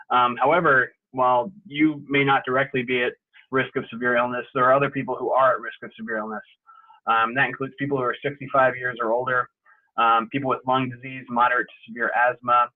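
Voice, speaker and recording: A young man talks through a virtual presentation in an easygoing, explanatory way, often pausing on "um" and "uh". His voice sits at an ordinary middle pitch. The call audio is thin and phone-like. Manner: relaxed, explanatory, frequent "um" and "uh". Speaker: sports medicine presenter. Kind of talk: virtual safety talk. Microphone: video call.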